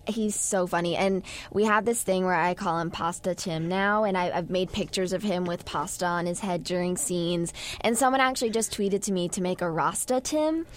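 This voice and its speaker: A woman's voice: lowish voice, normal speed, few pauses. A young actress chatting casually in an interview, giggling often and filling her talk with "like" and "um". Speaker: actress guest.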